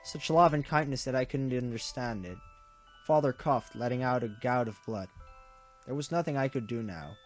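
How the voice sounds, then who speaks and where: A man's voice: medium pitch, moderate pace, soft background music. A young man reading a visual novel aloud, tearful, his voice breaking as he narrates earnestly. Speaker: gaming YouTuber.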